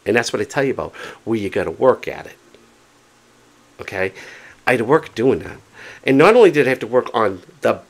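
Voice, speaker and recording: A man casually telling a story to camera, chatty and animated, often repeating himself for emphasis. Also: mid-range voice. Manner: excited, determined. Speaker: vlogger.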